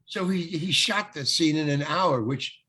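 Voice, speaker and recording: A man's voice: a little high, unhurried, bright, forceful tone, breathy edge. An older man, a guest actor, rambling through showbiz anecdotes in casual talk, often restarting and acting out quoted dialogue.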